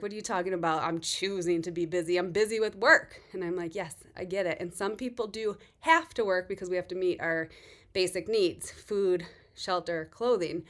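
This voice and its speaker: A fitness coach in middle age talks straight to her listeners, a touch out of breath from a workout. She is earnest and reassuring and slips into lively quoted voices. Her voice sits at an ordinary pitch for a woman. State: a little out of breath after a workout. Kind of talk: casual motivational talk to camera.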